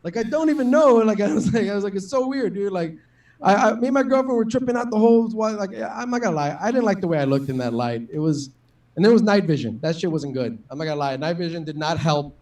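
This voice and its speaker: A man's voice: high-pitched, quick pace, darkish tone, distant mic. A man doing a stand-up comedy set, rambling and profane, full of fillers and self-deprecating jokes. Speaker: stand-up comic.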